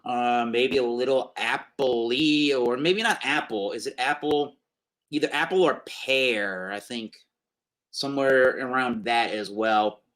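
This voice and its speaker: A man's voice: medium pitch, unhurried, fairly bright tone, low-quality recording. A man hosting a casual beer review show, rambling through tasting notes with plenty of fillers.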